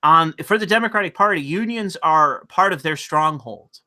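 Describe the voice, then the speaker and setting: Bright-voiced man ranting about politics. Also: fairly high pitch, normal speed. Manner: profane, ranting, repeats words. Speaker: host. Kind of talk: casual political chat.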